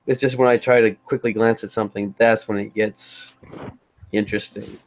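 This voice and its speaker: A man's voice: on the low side, steady tone, normal speed. Matter-of-fact man in casual chat. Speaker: podcast co-host.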